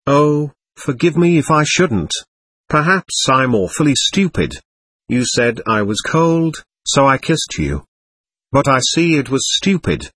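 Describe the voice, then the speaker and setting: A man's voice: mid-range voice, very animated, slow pace, a bit bright, slightly rough, dry recording, heavily acted. Man voicing a shy, earnest young man. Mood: sincere.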